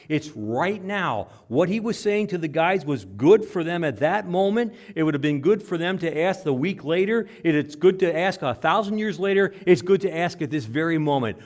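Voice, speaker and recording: A man preaching a sermon, emphatic, swinging from loud, pressing lines to low, quiet ones. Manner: emphatic, rises loud then drops low.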